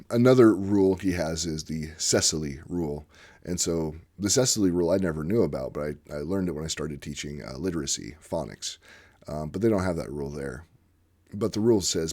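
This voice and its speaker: A man's voice: very deep voice, fairly quick, a little mellow. A man talking casually and enthusiastically about language teaching, rambling and full of fillers as he goes. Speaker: channel host discussing language teaching; former literacy teacher. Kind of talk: casual unscripted monologue.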